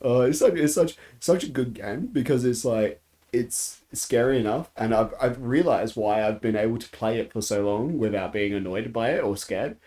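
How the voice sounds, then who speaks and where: A man chatting casually as a podcast co-host, laughing often and swearing as his voice jumps up when excited. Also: medium pitch, normal speed, slightly rough. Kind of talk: casual chat among friends.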